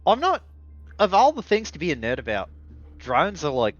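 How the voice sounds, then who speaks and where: A man's voice: mid-range voice, sing-song, a little fast, fairly bright tone, muffled recording, soft background music. A man voicing a prickly, defensive male tech builder who rants when his skills are questioned. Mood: huffy. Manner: defensive, ranting.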